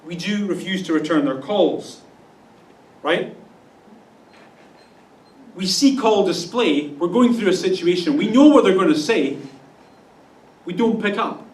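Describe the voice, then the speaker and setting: A man's voice: high-pitched, expressive, measured pace, long pauses, a little mellow. A man with a Canadian accent preaching a sermon in a conversational way, often putting questions to the congregation. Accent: Canadian English. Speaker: pastor. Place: church sanctuary. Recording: roomy church sound from a distance.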